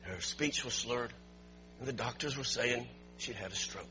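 A man preaching as a pastor, telling a story in an animated way and building to emphatic shouts, recorded in a church. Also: medium pitch, moderate pace, soft background music. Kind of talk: storytelling sermon. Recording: dull lo-fi recording with faint hum.

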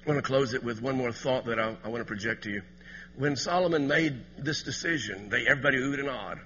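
A man preaching a sermon as pastor, swinging from quiet asides to loud emphatic passages. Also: mid-range voice, fast talker, big-room sound, highs cut off, slight background noise.

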